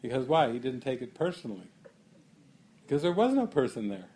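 A man's voice: mid-range voice, sing-song, brisk, dark tone. Man musing with frequent laughter. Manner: musing, laughing often, asks questions. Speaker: spiritual teacher. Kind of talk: talk to a gathering.

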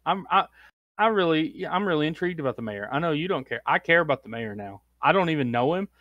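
This man co-hosts a casual podcast and tells long, wandering stories, leaning on "like" and breaking into laughs. His voice sits a little high, and the sound is dry and close. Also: animated, fast, dry recording, dull audio. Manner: rambling anecdotes, heavy use of "like", laughs often. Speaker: podcast co-host. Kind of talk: casual chat, storytelling.

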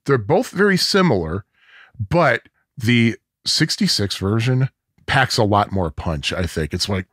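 A man's voice: mid-range voice, animated, normal speed, a bit bright, no room sound, studio quality. A man co-hosting a casual music podcast, humming parts of songs to make his points. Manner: sings sounds and riffs to show music. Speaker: podcast co-host.

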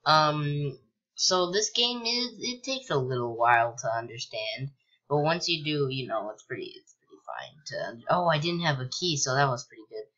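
A young man casually commentating a video game he's playing, rambling with lots of ums and likes and sudden excited yelps. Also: mid-range voice, moderate pace, lo-fi sound. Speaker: gameplay commentator. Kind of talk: casual let's-play commentary.

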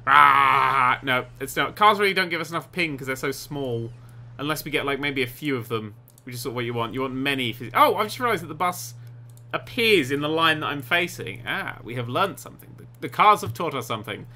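A young man giving excitable, giggly let's play commentary on a game, with sarcastic asides. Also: mid-range voice. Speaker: gaming YouTuber.

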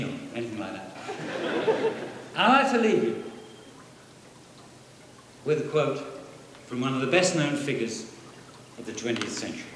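A man's voice: mid-range voice, noisy background. A man, a comedian, talking to a conference audience in a dry, self-mocking way. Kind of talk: stand-up comedy. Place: large conference hall. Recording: echoey hall with long reverb.

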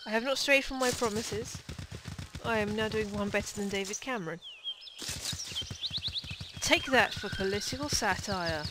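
A young woman hosting a game playthrough, chatty and excitable with quick asides. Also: medium pitch. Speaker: let's play host. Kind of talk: casual gameplay commentary. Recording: noisy home commentary track.

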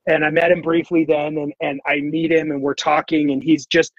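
A man's voice: a little high, level tone, brisk, dry recording, muffled recording. A man telling a story in casual chat as a podcast guest, rambling with lots of fillers and restarts.

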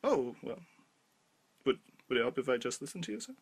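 A man's voice: medium pitch, big pitch swings, brisk, breathy edge. A man doing a polite stammering phone rep. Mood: flustered. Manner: stammering, overly courteous. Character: polite male toy-company phone rep. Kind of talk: comedic phone-call skit.

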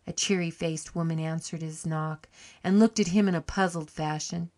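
A woman narrating an audiobook short story in a calm, measured storytelling manner. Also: low-pitched. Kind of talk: scripted narration.

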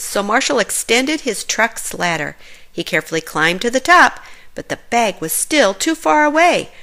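A woman reads a children's picture book aloud in a clear, expressive way. Her voice is very bright and forward, and she keeps the story moving for young listeners. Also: medium pitch. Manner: clear, expressive reading for kids. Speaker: storybook reader.

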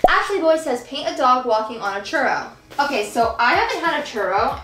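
A woman's voice: high-pitched, sing-song, fairly quick. A young woman vlogger chatting casually while she paints, rambling and giggly, filling her talk with "like". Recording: echoey room with soft background music.

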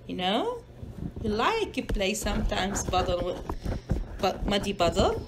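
A woman's voice: medium pitch, huge pitch swings, measured pace, background noise. A mother reading a picture book aloud to her child, stopping often to ask patient, coaxing questions in simple non-native English.

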